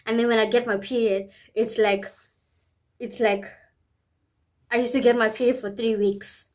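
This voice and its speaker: A woman's voice: on the high side, flat delivery, normal speed. A woman vlogging in a candid, rambling way, often repeating herself and speaking openly about private matters. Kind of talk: candid personal vlog talk.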